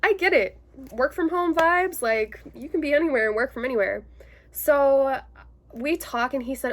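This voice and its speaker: A woman with a slightly high voice tells a personal story straight to her viewers. She talks casually and chattily, with plenty of "like" fillers. An indignant edge runs through the retelling. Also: moderate pace, fairly bright tone. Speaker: vlogger telling a personal story.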